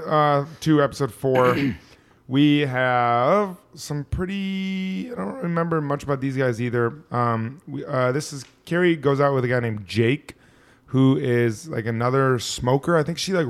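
A man's voice: mid-range voice, a little slow. A man co-hosting a podcast, recapping episodes in a loose, rambling way. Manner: loose and rambling, lots of fillers. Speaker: podcast co-host. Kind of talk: casual chat, recapping episodes.

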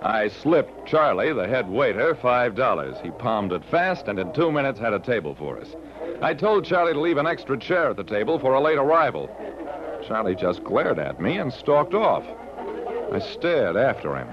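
A man in a 1940s radio drama plays a private detective recounting his own case with wry, dry narration and lively delivery. His medium-pitched voice sounds natural and moves at a moderate pace, with crowd noise behind him. The recording is a dull vintage radio transfer with faint hiss.

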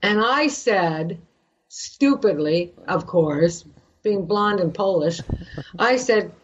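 Older woman from Canada, actress guest, animated storyteller, acts out the voices, slightly dull lo-fi audio. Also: fairly low pitch, takes it slowly, slightly rough. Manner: storytelling, acting out quoted voices. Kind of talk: animated anecdote in a podcast interview.

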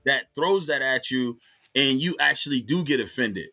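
A man co-hosting a casual chat, telling stories with animated acted-out quotes. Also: mid-range voice, moderate pace.

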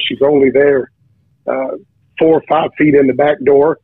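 A man preaching as a guest tells the story of his testimony in casual conversation, with lots of restarts and stuttered repetitions. His slightly rough mid-range voice holds a steady tone at a moderate pace, recorded dry over a tinny phone line.

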